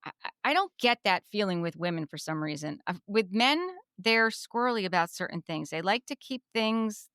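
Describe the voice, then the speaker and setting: A woman's voice: mid-range voice, normal speed, few pauses, clear, resonant tone, no echo, clean studio sound. A woman from New Jersey co-hosting a podcast, chatting casually and retelling reality-show scenes with a lot of repetition. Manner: chatty, repeats herself, animated retelling. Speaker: podcast co-host.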